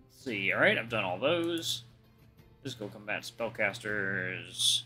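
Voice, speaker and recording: A man's voice: on the low side, animated, a little slow, sharp tone, soft background music. A man reading a visual novel aloud as a let's play host, with casual joking asides.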